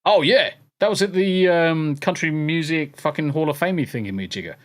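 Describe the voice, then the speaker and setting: A man's voice: a little high, moderate pace. A man hosting a casual podcast, rambling through his backlog and swearing freely, with an air conditioner crackling behind him. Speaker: podcast host. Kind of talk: casual chat.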